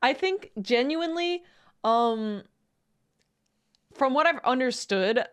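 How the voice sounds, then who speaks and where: A woman streaming a casual reaction, excitable and quick to laugh and swear. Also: mid-range voice.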